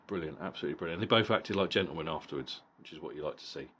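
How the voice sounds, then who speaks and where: A man's voice: extremely low pitch, racing, fairly bright tone, a little hiss or hum. A middle-aged man giving a casual, blunt boxing fight review, swearing freely and often repeating words as he goes. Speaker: boxing vlogger.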